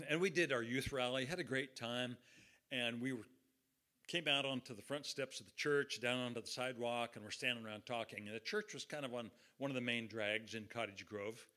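A man's voice: mid-range voice, normal speed, pushed and bright. A middle-aged man preaching a sermon in a folksy, conversational storytelling way. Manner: folksy, conversational, acts out quotes. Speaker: pastor.

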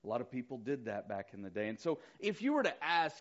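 A middle-aged man preaching a sermon as pastor, conversational and animated as he retells the story. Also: mid-range voice, quick pace, dull audio.

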